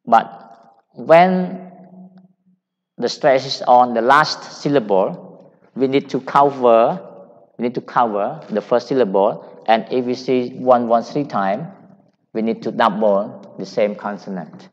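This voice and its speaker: A man with a Cambodian accent teaching English grammar, explaining slowly and repeating each point. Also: mid-range voice. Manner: slow, repetitive, deliberate explaining. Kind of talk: grammar lecture. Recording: dull sound in a long-reverb hall.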